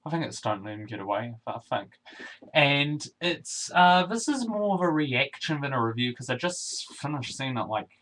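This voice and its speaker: A man's voice: mid-range voice, big pitch swings, normal speed, fairly bright tone, poor audio. A young man with a New Zealand accent, rambling through a casual video review with many restarts and fillers. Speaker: YouTube film reviewer.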